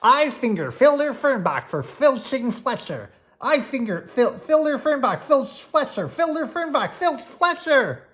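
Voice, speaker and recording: A storyteller voicing an eager young girl detective in a children's storybook, talking in a high, emphatic way. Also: slow pace. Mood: sing-song. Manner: excited, emphatic.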